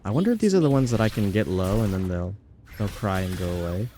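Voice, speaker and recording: A man's voice: low voice, lively intonation, quick pace, mellow, slight background noise. A young man streaming a game, chatting casually and rambling between bits of game text he reads aloud. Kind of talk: casual gaming livestream chat.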